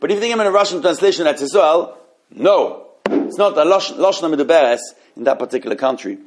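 A man leads a relaxed Torah class. His voice sits a little high, and he talks animatedly, often restarting mid-sentence. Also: slight background noise. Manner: animated, halting with many restarts.

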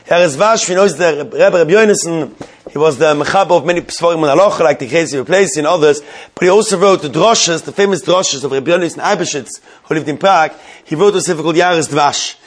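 A man giving a Torah class, reading Hebrew lines slowly and then explaining them in English with frequent restarts. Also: on the high side. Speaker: Torah teacher.

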